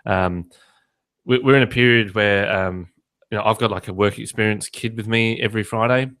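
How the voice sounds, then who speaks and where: Low-voiced joking male podcast co-host. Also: fairly even intonation, moderate pace, fairly bright tone. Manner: chatty, jokey storyteller with frequent fillers. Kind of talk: casual chat. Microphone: remote call, some echo.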